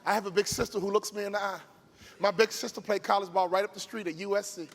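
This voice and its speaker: Casting: high, gravelly male motivational speaker from Chicago, booming in a reverberant arena. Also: fairly even intonation, fast. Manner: emphatic, preacher-like cadence with shouted peaks. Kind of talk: motivational keynote. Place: large event arena stage. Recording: long hall reverb from live arena.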